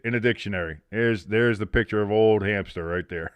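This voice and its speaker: A man's voice: fairly low pitch, fairly quick, hardly any pauses, clear, resonant tone, dry recording. A man hosting a live sports watch-along, rambling and teasing a friend between bits of play-by-play.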